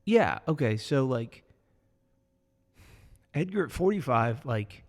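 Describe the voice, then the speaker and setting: A man co-hosting a casual podcast chat, talking in a rambling, animated way with lots of fillers. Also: mid-range voice, takes it slowly. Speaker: podcast co-host. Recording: echoey room with long reverb.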